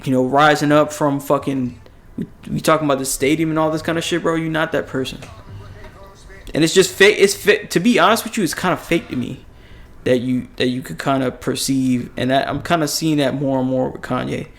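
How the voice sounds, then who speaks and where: A man's voice: on the high side, fairly quick. A man co-hosting a casual podcast, giving blunt, rambling opinions with lots of swearing. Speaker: podcast co-host.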